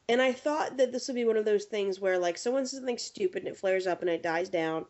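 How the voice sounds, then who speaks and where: A woman hosting a casual podcast chat, telling lively stories and acting out the people in them. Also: medium pitch, fast, few pauses, muffled recording. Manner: animated storyteller acting out quotes. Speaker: podcast host.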